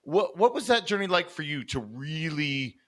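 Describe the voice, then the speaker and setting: Bright-voiced male podcast host. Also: a little high, very animated, normal speed. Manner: earnest, emphatic, with rhetorical questions. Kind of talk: conversational interview.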